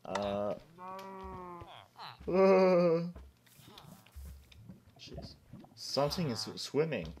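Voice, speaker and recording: A man's voice: on the low side, takes it slowly, long pauses. A man giving let's play commentary as a gaming YouTuber, jumpy and talking back to the game characters.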